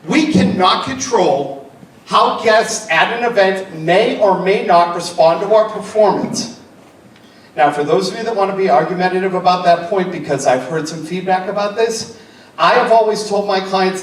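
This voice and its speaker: A man with a high voice leads a seminar, chatting and checking in with the audience. His voice comes from far away in a strongly echoing hall. A faint hum of noise sits under it. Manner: conversational, prompting the audience for answers. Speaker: DJ presenting a seminar. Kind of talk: seminar talk. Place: seminar room.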